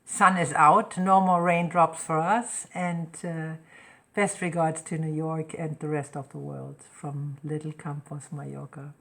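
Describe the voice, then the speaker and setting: A woman's voice: sits low, measured pace, gravelly. A middle-aged woman hosting a casual live stream, telling family stories and acting out the dialogue. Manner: lively storyteller who acts out quoted dialogue. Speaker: live show host.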